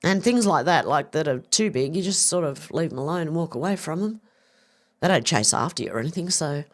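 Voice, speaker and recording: Low-pitched and animated, she speaks a little quickly. She's a middle-aged Australian woman running a livestream, casually reading out viewer comments and swearing occasionally.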